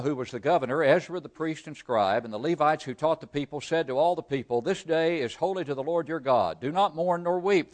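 A man preaching a sermon. He reads scripture aloud, explains it and asks the congregation rhetorical questions, rising loud for emphasis and dropping almost to a murmur. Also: medium pitch. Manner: rises loud for emphasis, then drops to a near-murmur.

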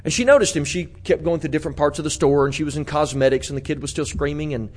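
A man's voice: fairly high pitch, fast talker, a little mellow. A man preaching a conversational sermon in a church, earnest, with frequent restarts and repeated words. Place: church auditorium.

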